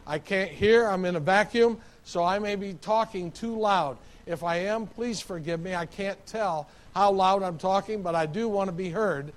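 A man's voice: high voice, normal speed, few pauses. A man preaching a sermon, stressing key words by repeating them and dropping to an earnest tone in prayer, speaking into a microphone he wears. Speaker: pastor. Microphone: wearing a microphone.

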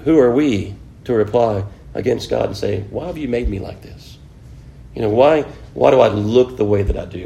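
Fairly low in pitch, creaky and dark, this man's voice carries an informal Bible lesson. He keeps it conversational, asking the class questions and using lots of "you know" fillers, with slight background noise present.

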